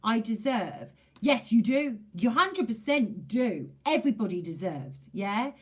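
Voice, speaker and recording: A woman's voice: a little high, sing-song, measured pace, breathy edge. A woman gives a casual, chatty tarot reading straight to camera. She talks emphatically, driving her points home by repeating phrases, and she drops in the odd mild swear word. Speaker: tarot reader.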